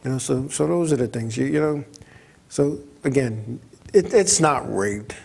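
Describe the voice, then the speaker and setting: A man hosting a racing talk show, telling stories in a rambling, animated way, often stumbling over and repeating his words. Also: medium pitch, a little slow, creaky, breathy edge. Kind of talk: casual talk-radio storytelling.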